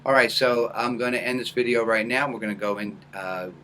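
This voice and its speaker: A man teaching a lesson, calmly guiding and demonstrating small hums and nasal sounds as examples. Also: medium pitch, a little fast, slight background noise. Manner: demonstrates hums and small vocal sounds between calm guidance. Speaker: acting coach. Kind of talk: instructional tutorial.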